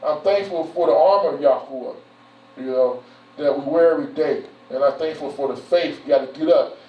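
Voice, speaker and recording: High-voiced man preaching in an echoey hall. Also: fairly quick. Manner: folksy, repetitive, frequent "you know" and "man". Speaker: church elder. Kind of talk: informal church address. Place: church hall. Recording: roomy, distant, dull sound.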